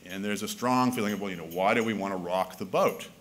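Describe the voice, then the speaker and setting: A man's voice: on the low side, fast, a bit bright. A man from Canada giving a keynote speech at a conference, talking in a wry, conversational way with frequent restarts. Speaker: keynote speaker. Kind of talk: public speech. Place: conference hall.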